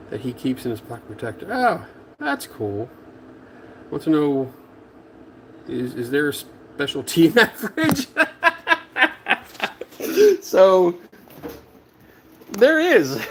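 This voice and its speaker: Chatty man with a lively voice. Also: mid-range voice, a little hiss or hum. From Philadelphia, USA. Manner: chatty, laughs often, trails off and restarts. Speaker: livestream host. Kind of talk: casual livestream chat, reading viewer comments. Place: home garage.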